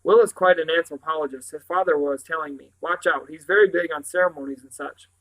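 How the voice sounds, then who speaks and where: A man's voice: a little high, fairly quick, a bit bright, close to an everyday voice, rough recording. A jovial, round-faced middle-aged uncle in a storybook, as a man reading aloud puts him on. He speaks in a hearty, genial way.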